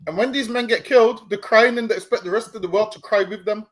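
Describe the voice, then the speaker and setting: A street preacher co-hosting a stream preaches and lectures in a fast, high-pitched voice during the discussion. He often stumbles over repeated words and keeps saying "listen, man."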